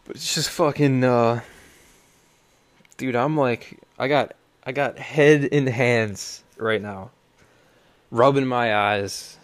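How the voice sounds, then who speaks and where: A man's voice: mid-range voice, slow pace, no room sound. A young man hosting a podcast, talking in a rambling, profane, sardonic way. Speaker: podcast host. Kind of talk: casual solo podcast rant.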